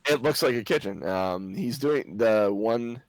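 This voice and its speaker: A man's voice: medium pitch, lively intonation, a little slow, dry recording, low-quality recording. A man narrating as game master in a tabletop game, describing scenes and chuckling often.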